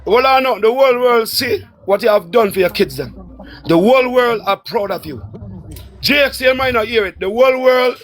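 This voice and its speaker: A Jamaican man on a livestream, urgently coaxing a friend to calm down, repeating his name. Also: very high-pitched, normal speed. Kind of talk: pleading livestream talk.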